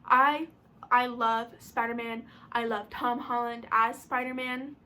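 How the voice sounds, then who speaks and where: Young female vlogger, high and sharp-toned, gushing and excitable, half-shouting when fired up. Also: a little slow, a little hiss or hum. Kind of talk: casual chat to camera. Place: room at home.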